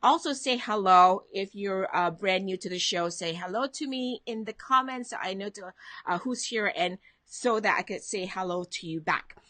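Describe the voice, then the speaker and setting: A woman's voice: mid-range voice, normal speed, fairly bright tone, dry recording. A woman hosting a motivational live stream from home, chatting casually, greeting viewers by name and reading out their comments.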